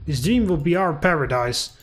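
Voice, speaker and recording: A man's voice: on the high side, expressive, moderate pace, lightly acted. Libitina, a man doing a menacing possessive spirit. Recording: faint music behind.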